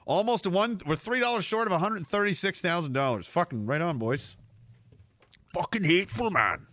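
Profane and mocking, a podcast host rants comically as he reads chat, lapsing into silly voices along the way. His voice sits high, brisk and bright with lively intonation and a forceful tone, with no room sound.

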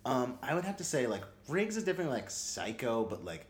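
A man's voice: mid-range voice, very animated, fast talker, roomy sound, a little hiss or hum. A man chatting casually as a podcast co-host, rambling with lots of fillers and frequent laughter. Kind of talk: casual chat.

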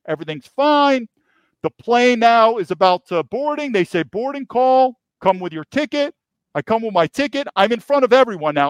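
Emphatic and repetitive with his key phrases, a high-pitched man from New York tells a story as a podcast guest. The interview is recorded dry.

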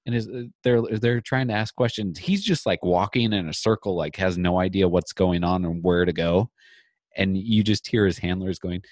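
Podcast co-host, man, low voice, dry close sound, rambling halting delivery. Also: a little mellow, no room sound. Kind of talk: casual chat.

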